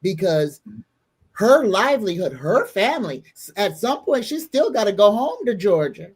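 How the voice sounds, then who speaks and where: A woman's voice: medium pitch, very animated, normal speed, darkish tone, husky. A woman in a casual political chat on a video call, making folksy, earnest predictions.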